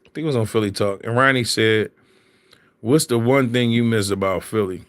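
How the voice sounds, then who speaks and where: A man's voice: fairly low pitch, a little fast, no room sound. A man in casual chat, telling stories in slang and laughing often. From Philadelphia.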